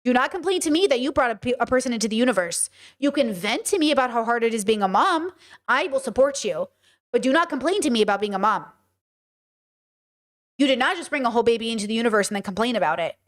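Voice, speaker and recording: Animated, high-voiced woman streamer. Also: fast. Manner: blunt, animated, swearing, acts out voices. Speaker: streamer hosting a live podcast. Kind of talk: casual live-stream chat.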